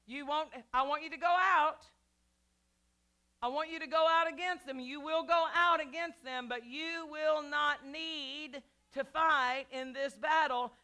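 A woman's voice: high voice, sharp tone. A woman pastor delivering a sermon, emphatic and repetitive, calling out to her congregation.

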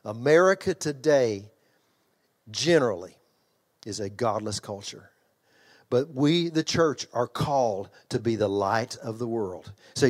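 With lively intonation and a slightly slow pace, an older man's mid-range voice carries a sermon. He's a pastor and children's ministry trainer whose emphatic, chatty preaching features repetition, restarted lines, and questions to the congregation.

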